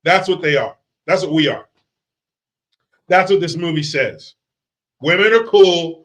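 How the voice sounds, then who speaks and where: A man's voice: fairly high pitch, a little slow, a bit bright. A man ranting in a movie commentary, profane, sarcastic and heated. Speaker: movie reviewer.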